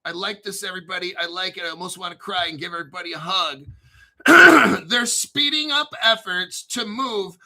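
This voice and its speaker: Hyped, high-voiced, profane crypto host. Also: male voice, fairly quick, few pauses, bright, forceful tone. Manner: profane, joking, hyped, often clears throat. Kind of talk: excitable commentary reading crypto news.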